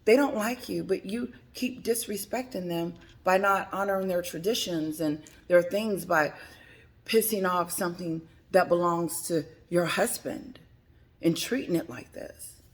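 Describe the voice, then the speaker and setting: Woman vlogger, husky-low fry in the voice, dishing dramatic celebrity gossip. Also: a little slow. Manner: chatty, dramatic, laughs between remarks. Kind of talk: casual commentary vlog.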